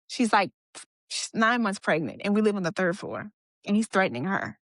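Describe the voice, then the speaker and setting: A woman's voice: mid-range voice, animated, moderate pace, no echo, clean studio sound. A young woman guest on a podcast, telling a personal story in a casual conversational way and quoting what others said. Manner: conversational, retelling events with quoted dialogue and fillers. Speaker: guest sharing her story.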